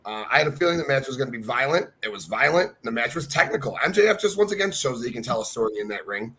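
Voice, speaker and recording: A man co-hosting a wrestling podcast, talking in an excited, profane, gushing way. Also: mid-range voice, fast, breathy edge. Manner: profane, passionate, gushing fan. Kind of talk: excited casual podcast chat.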